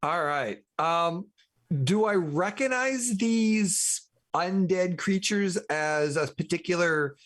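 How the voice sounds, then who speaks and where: A man's voice: high voice, takes it slowly, a bit bright. A man playing a tabletop game, chatty and thinking aloud as he describes his character's moves. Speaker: player.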